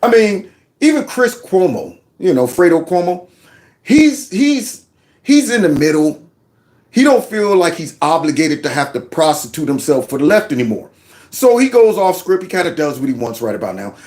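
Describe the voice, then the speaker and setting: A man's voice: on the high side, sing-song, moderate pace, a little mellow. A man hosting a casual political commentary show, folksy and mocking, with lots of asides. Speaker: show host.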